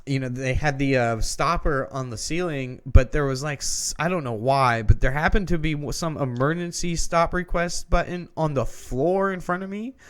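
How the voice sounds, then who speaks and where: A man's voice: fairly high pitch, moderate pace, few pauses, clean tone. A man co-hosting a podcast who tells a long story in a casual, rambling way, swearing often and restarting his sentences. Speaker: podcast co-host.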